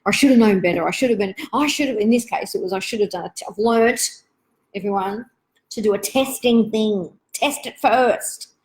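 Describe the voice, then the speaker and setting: Woman, parenting educator, live online talk, gentle and reflective, chatty asides. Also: mid-range voice, normal speed, poor audio.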